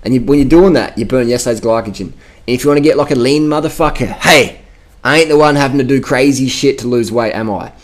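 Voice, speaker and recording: A man's voice: mid-range voice, fast talker. A brash Australian man talking over cycling footage in casual vlog commentary. He swears freely and hammers his points home with emphatic repetition. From Adelaide, South Australia. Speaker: cycling vlogger.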